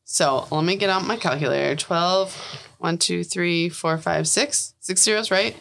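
A woman with a slightly low voice co-hosts a casual podcast. She talks bluntly and swears freely. Her tone turns indignant. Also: a little slow, vocal fry, a bit bright. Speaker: podcast co-host. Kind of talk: casual chat.

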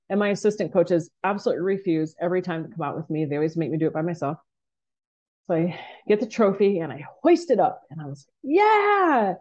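A woman softball coach telling a story on a podcast, acting out what people said in lively bursts. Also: fairly low pitch, muffled recording. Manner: animated storyteller, acts out quotes.

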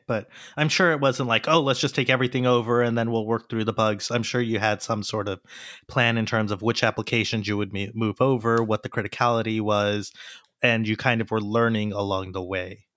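A man's voice: lowish voice, fairly quick, fairly bright tone, dry recording, studio quality. A man co-hosting an interview, asking casual, leading questions. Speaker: co-host. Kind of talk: conversational interview.

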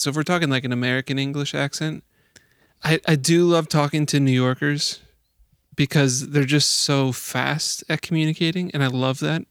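Easygoing gravelly man from Chicago. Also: medium pitch, dry recording, clean studio sound. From Chicago area. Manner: easygoing, laughs often, frequent "like" and "you know". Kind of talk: casual chat.

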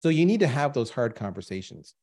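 A man's voice: mid-range voice, brisk. A man in his fifties, a podcast guest telling stories emphatically and speaking straight to listeners. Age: 50s. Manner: emphatic, animated storyteller who addresses listeners directly. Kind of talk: storytelling in a podcast interview.

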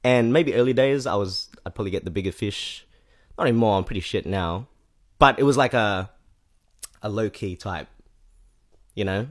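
Low-voiced rambling man. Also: normal speed, pauses often. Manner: rambling, self-correcting, with lots of fillers. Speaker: podcast guest, rapper. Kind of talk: casual chat.

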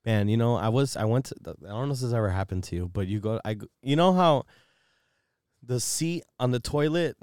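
Young guy cohosting a podcast, rambly crude stories, smooth clear voice, dry close sound. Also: medium pitch, fairly quick, darkish tone, no echo. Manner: rambling, laughing, crude storytelling. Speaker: podcast co-host. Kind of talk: casual chat.

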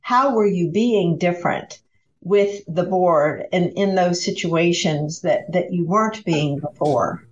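Low-voiced woman host, muffled audio. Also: slow. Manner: reflective, asks layered follow-up questions. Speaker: podcast host. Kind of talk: conversational podcast interview. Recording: dull lo-fi audio.

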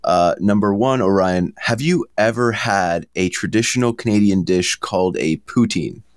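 A man with a very low voice hosts a casual interview. He asks his questions in a relaxed, friendly way, and the sound is dry with no room echo. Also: normal speed. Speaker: podcast host.

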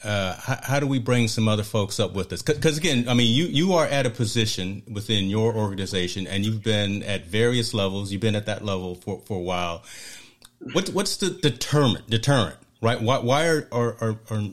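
A man with a lowish voice hosts a relaxed interview. He talks in a warm, familiar way, stumbling and repeating words as he feels out each question. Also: brisk. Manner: friendly and hesitant, many repeated words, calls guest "brother". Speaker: interviewer, podcast host. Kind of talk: casual conversational interview.

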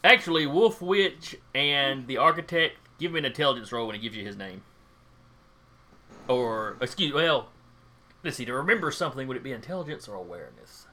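A man running a tabletop role-playing game, narrating in a chatty, relaxed way. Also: medium pitch, brisk. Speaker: game master.

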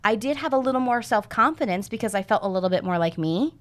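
A woman's voice: on the high side, lively intonation, quick pace. A woman in her thirties talks casually as a podcast guest. She tells a story with plenty of life and slips into the voices of the people she quotes. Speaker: podcast guest, fitness coach.

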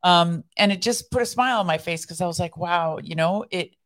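Talking a little quickly with a fairly low pitch, this woman co-hosts a podcast. She recounts her personal faith story with earnest reflection in a laid-back conversation about belief.

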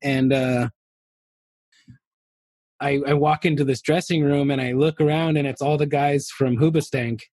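A man's voice: fairly high pitch, fairly even intonation, unhurried, pauses often, a little mellow, no room sound. A man telling a rambling story to a podcast host, laughing often and leaning on fillers. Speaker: podcast guest. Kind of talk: casual anecdote telling.

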